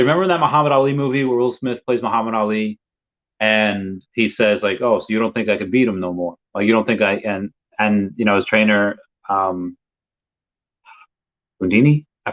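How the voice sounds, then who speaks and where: A man hosting a live podcast, chatting casually and rambling with many fillers as he reads comments. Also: medium pitch. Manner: rambling, laid-back, lots of fillers. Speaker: podcast host. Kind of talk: casual live-stream chat. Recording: dull lo-fi stream audio.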